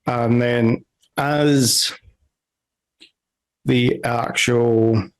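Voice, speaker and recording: A man running a tabletop game as game master, narrating scenes at a slow, unhurried pace. He rambles and corrects himself often. His voice sits mid-range. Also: medium pitch, fairly even intonation, clear, resonant tone, poor audio.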